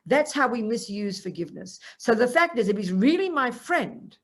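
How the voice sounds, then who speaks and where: An older woman giving a Buddhist teaching to a group, animated and acting out the voices she quotes. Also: a little high, normal speed. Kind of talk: Dharma talk to a group.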